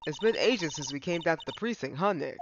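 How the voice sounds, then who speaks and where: A man's voice: a little high, expressive, a little fast, background noise. A man voicing a playful, teasing teenage girl assistant from a legal game. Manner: teasing, bubbly. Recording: dull lo-fi stream mic. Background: game music.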